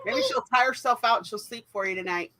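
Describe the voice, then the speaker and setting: A woman's voice: a little high, quick pace, a crowd in the background, low-quality recording. A woman co-hosting a casual chat, telling rambling stories and laughing often. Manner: chatty storyteller, laughs often. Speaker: co-host.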